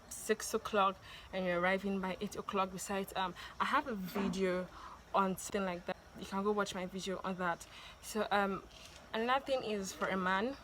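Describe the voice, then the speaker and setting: Woman, mid-pitched, casual advice vlog to camera, repeats warnings, light background noise. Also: a bit bright. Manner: chatty, repeats warnings with "okay?" and "please". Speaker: vlogger giving dating tips.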